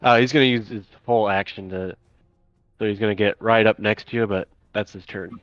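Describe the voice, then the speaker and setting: A man's voice: on the low side, steady tone, a little fast, dry recording, muffled recording. A man serving as game master, narrating a tabletop game in a casual, stop-start way with many fillers, over an online call.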